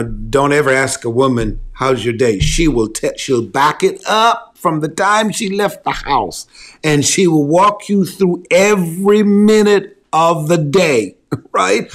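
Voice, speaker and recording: A man preaching in a relaxed, conversational way, repeating key phrases and asking rhetorical questions. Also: on the high side. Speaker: pastor. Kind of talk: conversational sermon on love and relationships.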